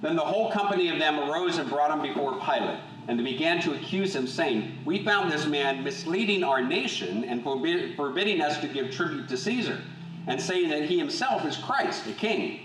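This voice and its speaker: A man leading a Bible study group, reading scripture aloud and then talking it through in a measured, thoughtful way with frequent restarts. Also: fairly high pitch, animated, a bit bright, distant mic. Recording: echoey room, voice from off-mic, faint hum.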